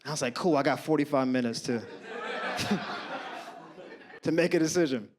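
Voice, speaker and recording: A man in his thirties works a comedy club stage with a handheld mic. His voice sits high for a man and stays animated and slangy. He often laughs through his own punchlines. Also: normal speed, noisy background. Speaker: stand-up comedian. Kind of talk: stand-up comedy storytelling.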